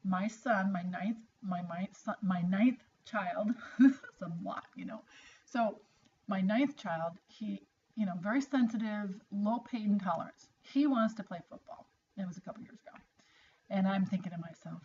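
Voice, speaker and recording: An earnest middle-aged woman speaks in a chatty, encouraging way, the tone of a motivational vlog. Her voice sits at an ordinary pitch for a woman. The recording sounds a bit dull and lo-fi, with a faint hiss underneath. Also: moderate pace, darkish tone. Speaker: vlogger. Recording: slightly dull lo-fi audio with faint noise.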